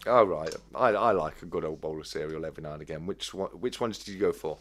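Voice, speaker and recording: A man hosting a casual live-stream chat, reading out viewer comments in a friendly, halting way with many restarts. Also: rumbling low. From United Kingdom. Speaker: livestream host.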